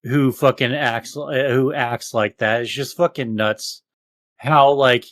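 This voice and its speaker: A man's voice: mid-range voice, fairly even intonation, slow, fairly bright tone, no room sound. A man co-hosting a casual podcast, swearing heavily and ranting. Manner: profane, ranting, mocks others in exaggerated voices. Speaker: podcast co-host.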